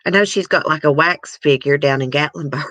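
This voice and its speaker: A woman's voice: sits low, brisk, a bit bright, no room sound, highs cut off. A woman, hosting a casual, emotional chat and talking straight to her viewers. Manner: emotional, chatty, addresses viewers. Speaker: host. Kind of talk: casual chat reacting to news clips.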